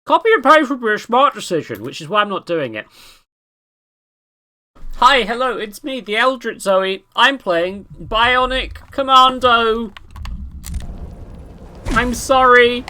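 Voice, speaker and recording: Excitable, rambling woman streamer. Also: fairly high pitch, a little slow, long pauses. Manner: rambling, excitable, swears a lot. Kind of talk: casual gameplay commentary.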